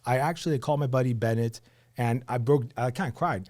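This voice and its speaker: A man's voice: mid-range voice, fairly quick, dry recording. A young man with a New Jersey accent, a podcast guest telling his story casually, acting out quotes and using lots of fillers. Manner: animated storyteller, acts out quotes, many fillers. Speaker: real estate agent, podcast guest.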